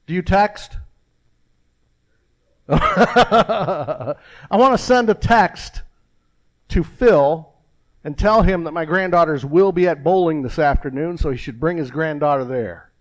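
An older man preaching a folksy, rambling sermon with a joke, pausing and restarting often. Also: fairly high pitch. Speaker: pastor.

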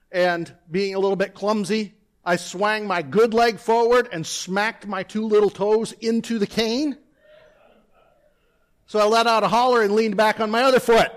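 A man's voice: high voice, clean tone. A man preaching a sermon from a church pulpit, seated, easing in with self-deprecating stories and chatty asides. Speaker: pastor. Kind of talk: sermon with personal anecdote.

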